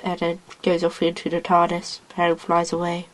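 A woman's voice: on the low side, normal speed, rough recording. Rambling woman retelling a story. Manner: rambling, excitable plot retelling with acted-out lines. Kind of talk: casual chat.

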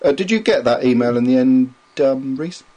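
A man's voice: mid-range voice, lively intonation, moderate pace, dark tone. A man co-hosting a podcast in casual chat, rambling and opinionated, with many restarts. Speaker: podcast co-host.

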